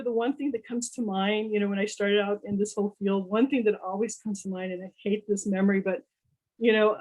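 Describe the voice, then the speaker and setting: A woman's voice: mid-range voice, poor audio. Woman, casual storytelling, chatty, acts out quoted dialogue, lots of fillers, culinary professional. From Texas. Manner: animated, acts out quoted dialogue, many "you know" fillers. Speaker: culinary professional, panel speaker.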